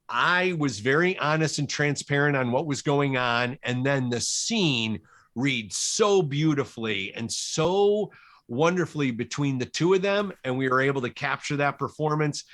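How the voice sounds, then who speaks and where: A man, a cinematographer guest in an interview, telling anecdotes from film sets in a relaxed, animated way. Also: medium pitch. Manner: animated, quotes people in his stories.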